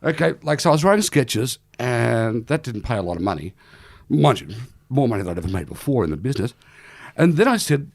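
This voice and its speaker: A middle-aged Australian man in casual podcast chat, telling stories in an animated, self-deprecating way and laughing often. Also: mid-range voice, brisk, creaky. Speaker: guest comedian.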